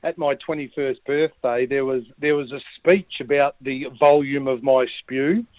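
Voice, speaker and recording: A man's voice: mid-range voice, moderate pace, dry recording. A middle-aged Australian man telling rambling, self-mocking stories in a casual chat. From Victoria, Australia. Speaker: podcast co-host. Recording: tinny phone-like line.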